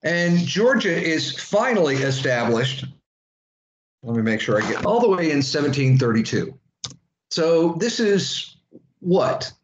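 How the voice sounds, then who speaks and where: A man's voice: on the high side, sing-song, unhurried, slight background noise. A man from Florida giving a casual, chatty history lecture to students, full of asides. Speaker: history instructor. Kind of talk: classroom lecture. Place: classroom. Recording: echoey room, dull lo-fi sound.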